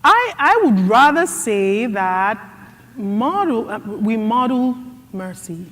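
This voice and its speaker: A middle-aged woman speaks at a conference Q&A, telling stories with earnest conviction. Her voice sits a little high and she takes her time. A long hall reverb trails behind her words. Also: slow pace. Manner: earnest, storytelling with lively quoted asides. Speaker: guest speaker. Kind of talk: conference Q&A answer.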